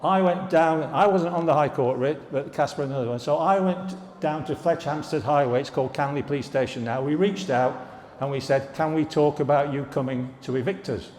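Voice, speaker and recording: An older man with a fairly high, slightly mellow voice speaks a little fast, telling wry stories in an anniversary speech as a former students' union president. Addressing alumni at a live event in a large hall, he sprinkles in jokes and asides, and the recording carries heavy hall reverb with slight background noise.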